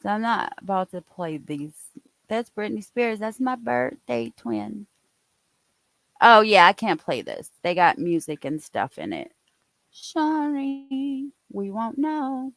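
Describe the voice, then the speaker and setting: Animated woman streaming, slow-paced. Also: a little high, gravelly, no echo. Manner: chatty, reacting aloud with laughs. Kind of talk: casual live-stream chat.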